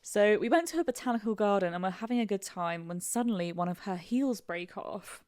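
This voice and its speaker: A woman's voice: mid-range voice, dry recording. Dry-voiced woman podcast co-host. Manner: relaxed storytelling, quick to laugh. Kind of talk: casual chat.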